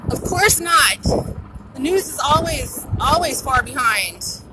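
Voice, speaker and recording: A citizen reporter speaks slowly but urgently in a high voice as she livestreams from her handheld phone, excited, a little breathless and repeating herself. Her commentary is unscripted, delivered outdoors on a pedestrian bridge near a busy border crossing. The recording is noisy, with traffic and helicopters.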